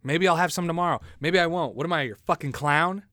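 A man's voice: a little high, fast talker, pushed and bright, dry recording, studio quality. A man hosting a casual solo podcast, rambling through crude jokes, mocking himself and laughing at his own bits. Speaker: podcast host.

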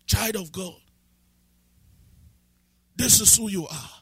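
A man preaching a sermon as a pastor, swinging from low asides to shouted, half-sung lines and repeated questions to the congregation. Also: slow pace, husky, no echo. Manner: breaks into speaking in tongues.

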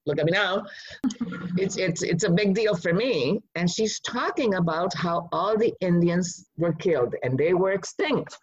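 A woman from Rico, telling a personal story in an animated, emphatic way. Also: medium pitch, breathy edge, low-quality recording. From Puerto Rico.

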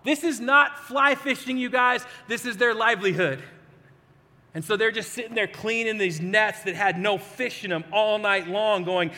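Guy giving a chatty sermon, bright high voice, echoey hall. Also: fairly even intonation, normal speed. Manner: conversational, storytelling, acts out quotes. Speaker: preacher.

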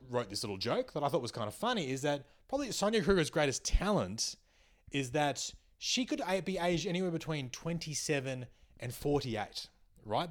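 A young Australian man, a comedian hosting his podcast, delivering a sarcastic, animated monologue and swearing freely. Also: a little high.

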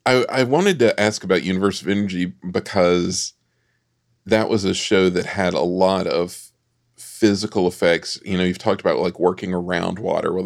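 A man hosting a podcast interview, giving brief encouraging replies and asking relaxed questions. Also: sits low, gravelly. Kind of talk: conversational interview.

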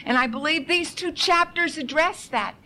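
Woman preacher, fervent and pleading, high bright tone, repeats for emphasis. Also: normal speed, slight background noise, rough recording. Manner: urgent, fervent, rhetorical questions. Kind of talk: impassioned sermon.

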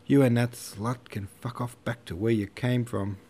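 A man's voice: mid-range voice, fairly even intonation, moderate pace, a little mellow, slightly rough, lightly acted. A man doing a drunken raging army officer. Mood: drunken rage. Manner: belligerent, swearing. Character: drunken, raging transport officer, loud bully.

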